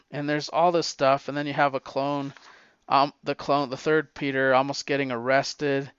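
A man with a smooth, resonant voice recaps a comic book in a casual, heartfelt way, his voice catching with emotion. The recording is dry and a bit dull and lo-fi. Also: mid-range voice, little pitch movement, normal speed, fairly bright tone, no room sound. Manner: emotional, chokes up while recounting.

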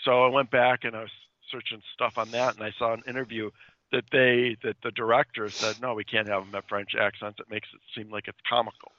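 A man's voice: mid-range voice, flat delivery, fairly quick, dry recording, highs cut off. A man co-hosting a podcast, chatting casually and asking curious questions. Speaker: podcast co-host. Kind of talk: casual chat.

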